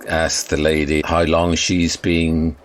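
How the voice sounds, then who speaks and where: A man's voice: very deep voice, monotone, slow. A man playing a polite, bemused radio reporter in a comedy audio sketch. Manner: polite, bemused, stiffly formal.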